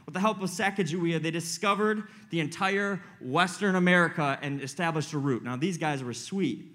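A young man preaching a casual, joking sermon to a live group as a youth pastor, excitable and full of slang. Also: fairly high pitch, moderate pace.

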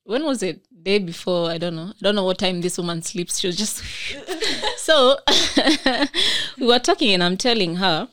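A woman's voice: mid-range voice, expressive, unhurried, crowd noise. Earnest Kenyan woman hosting a podcast. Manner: earnest, explaining points, frequent mm-hmms. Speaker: podcast host. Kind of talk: casual chat.

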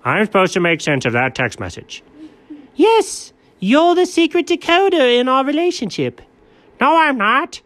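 A man voicing an excitable, high-pitched male cat in a comedy skit, squeaky and indignant. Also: measured pace, no room sound, heavily acted. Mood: flustered. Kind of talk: comedic character voice.

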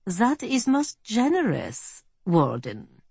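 A woman's voice: mid-range voice, wildly swooping pitch, slow pace, creaky, a little mellow, husky, dry recording, voice pushed up, exaggerated voice. A woman voicing a suave, menacing middle-aged German man, speaking coolly and politely with a German accent. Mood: cool menace. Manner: cool, polite, threatening.

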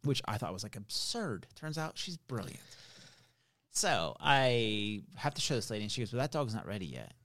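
Male podcast host, quick and lively anecdote teller, gravelly low voice. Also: dry recording, clean studio sound. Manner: animated, quick storytelling with swearing. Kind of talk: casual storytelling chat.

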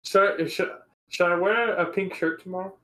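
A man's voice: high-pitched, fairly even intonation, moderate pace, a bit bright, poor audio. A man co-hosting a podcast with friends over a call, rambling and playful. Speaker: podcast co-host. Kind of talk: casual chat among friends.

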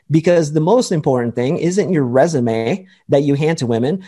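Mellow-voiced man, emphatic dating coach. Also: on the high side, animated, normal speed, hardly any pauses. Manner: emphatic, lecturing, acts out quoted voices. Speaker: dating coach, podcast guest. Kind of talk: confident explanatory talk.

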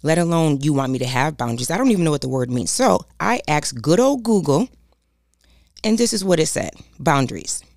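A woman with a low, creaky, somewhat mellow voice and lively intonation speaks briskly in a clean, echo-free studio recording. As a self-help speaker, she drives home her message about boundaries with preachy emphasis and repetition, talking right to her listeners and calling them "y'all."

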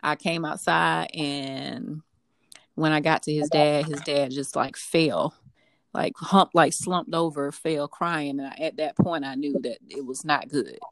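Low-voiced young woman, hesitant storytelling. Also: fairly even intonation, no room sound, studio quality. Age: young adult. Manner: hesitant, halting, many fillers and restarts. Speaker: guest. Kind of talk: personal storytelling in a podcast interview.

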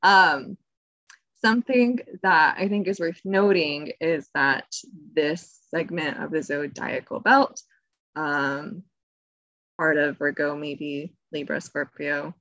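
A woman's voice: low-pitched, steady tone, takes it slowly, fairly bright tone, no echo, lo-fi sound. A woman co-hosting a podcast, explaining things in a casual, chatty way, laughing often and drifting into side tangents. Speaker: podcast co-host.

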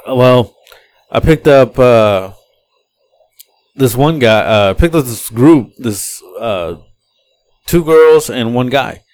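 A man, hosting a podcast and telling rambling, animated stories about his rides as an Uber driver, laughing often as he goes. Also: mid-range voice, takes it slowly, pauses often. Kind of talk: casual podcast storytelling.

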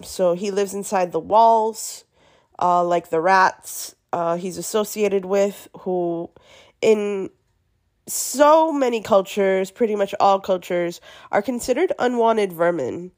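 A woman hosting a podcast alone, chatty with many fillers, her voice gravelly from being sick. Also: medium pitch, takes it slowly, darkish tone. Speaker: podcast host. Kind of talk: podcast monologue.

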